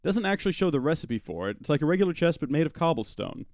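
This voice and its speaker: Male livestream host, animated up-and-down delivery, playful asides to chat, close dry mic. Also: a little high, fast, dry recording. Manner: chatty, joking asides, talks to chat and his pet rock. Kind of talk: live Minecraft modpack let's-play commentary.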